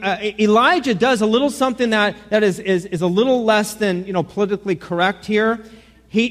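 Casting: male pastor, sermon delivery, high-pitched, lively and joking, recorded with long hall reverb. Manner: animated, joking, many repeated starts.

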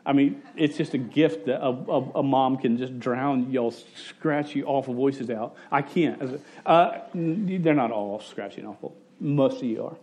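A man preaching a sermon in a casual, joking, conversational way, slipping into quick voices for the people in his stories. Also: medium pitch, darkish tone. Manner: conversational storytelling with quick voice shifts for quoted people; jokey and self-interrupting. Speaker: pastor.

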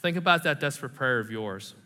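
A man preaching a sermon in a church, animated and conversational, with self-deprecating humor. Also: mid-range voice, fairly quick. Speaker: pastor. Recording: reverberant hall.

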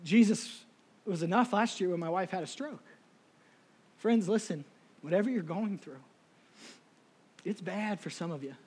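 A middle-aged man preaching a sermon emotionally, moving from soft, near-tearful passages to shouted appeals. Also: high voice, unhurried, pauses often, breathy edge. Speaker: lay preacher.

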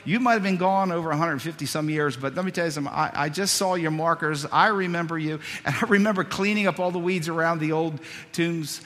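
A male pastor preaching a sermon, telling a story with many repeated words, swinging from loud to hushed. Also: a little high, a little fast. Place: church sanctuary. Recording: long reverb of a church hall.

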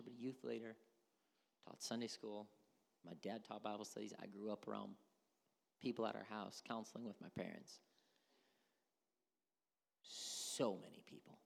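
Middle-aged male pastor, animated sermon delivery, acts out voices, swings loud to hushed, gravelly tone. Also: lowish voice. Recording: reverberant hall.

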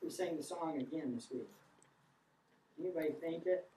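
A woman preaching a sermon in an impassioned style, her voice rising toward shouts. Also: low voice, moderate pace. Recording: echoey room, picked up from a distance.

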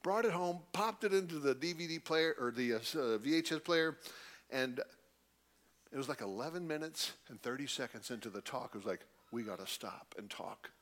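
A man's voice: medium pitch, normal speed. A middle-aged man telling a story to a live audience and acting out the voices of the people he quotes. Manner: animated, acts out quoted voices. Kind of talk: storytelling talk.

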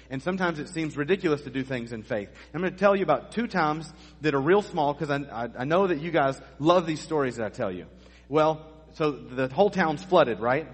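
Husky pastor preaching in a reverberant church. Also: male voice, on the high side. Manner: storytelling, conversational preaching with asides to the congregation. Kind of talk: sermon. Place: church sanctuary. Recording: long hall reverb.

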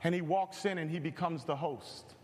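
Man, pastor, sermon, joking storyteller, slightly high voice, long hall reverb. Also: moderate pace.

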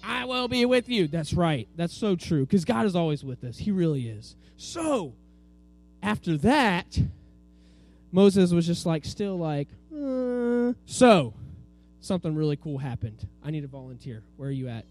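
A man's voice: fairly high pitch, lively intonation, measured pace, a little mellow, faint music behind. A man teaching a children's Bible lesson, telling the story with energy and asking the kids to repeat words after him. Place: room with a group of children.

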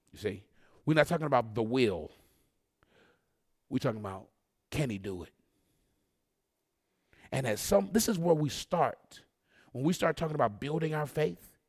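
A man preaching a fervent sermon, calling out to the congregation and rising into shouts. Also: medium pitch, husky.

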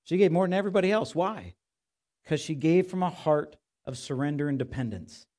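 A man's voice: on the high side, animated, a little fast, a little mellow. A male pastor giving a conversational sermon in a church, often asking his listeners rhetorical questions.

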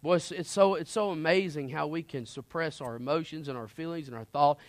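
A man preaches his own testimony with a slightly high voice. He is earnest and impassioned, sliding from hushed confession to emphatic urgency. The sound is dry and close, with no room echo. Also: fairly quick. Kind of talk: personal testimony sermon.

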